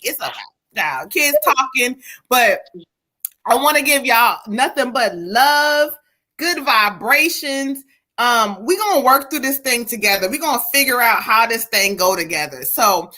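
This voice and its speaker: A woman's voice: on the high side, sharp tone. A woman co-hosting a live stream, giving emphatic, profane spiritual readings to viewers. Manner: emphatic, profane, calls out to viewers as "child" and "y'all".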